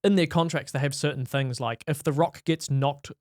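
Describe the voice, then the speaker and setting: A man co-hosting a movie podcast in casual, wry chat full of quick jokes and asides. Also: on the high side, steady tone, dry recording, clean studio sound. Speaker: podcast co-host.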